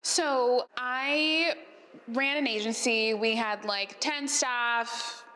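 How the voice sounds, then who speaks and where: A woman's voice: a little high, very slow, pushed and bright. A woman hosting a podcast who answers questions at a live gathering, telling stories in a chatty way full of "like" fillers and laughs. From Arizona, USA. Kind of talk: storytelling Q&A talk. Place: event space. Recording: long reverb in a hall.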